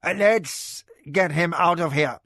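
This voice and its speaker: A man's voice: on the high side, slow, bright, forceful tone, dry recording, studio quality, voice pushed up. A man voicing a male household steward who gives firm, commanding orders in a storybook reading.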